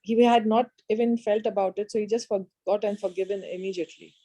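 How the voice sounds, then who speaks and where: Soft-voiced woman asking questions. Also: mid-range voice, fairly even intonation, brisk, no echo. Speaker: student. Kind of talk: casual discussion.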